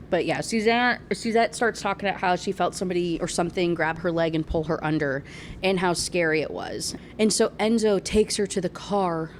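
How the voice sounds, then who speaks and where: A woman ranting about a book in a casual, sarcastic, animated way, laughing often. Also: on the low side, a little hiss or hum. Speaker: book reviewer.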